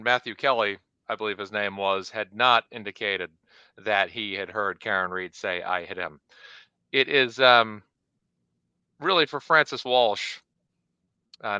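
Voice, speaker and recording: A man with a bright, forceful voice and smooth, crisp delivery, talking through testimony in an animated, exasperated recap. The sound is dry and close, though a bit dull and lo-fi. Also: fairly low pitch, a little slow, dry recording. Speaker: co-host recapping trial testimony. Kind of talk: casual podcast commentary.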